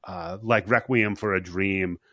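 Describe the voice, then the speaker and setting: A man's voice: sits low, steady tone, unhurried, a bit bright, no room sound, clean studio sound. A man hosting a podcast, telling a movie's story in casual chat and acting out the characters as he goes. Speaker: podcast host.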